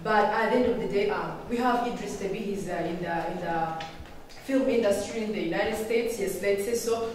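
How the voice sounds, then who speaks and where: A woman's voice: mid-range voice, brisk, a little mellow. A young woman speaking as a student debater in a classroom debate, emphatic and impassioned. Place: university classroom. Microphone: distant room mic. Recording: echoey noisy room, from far off.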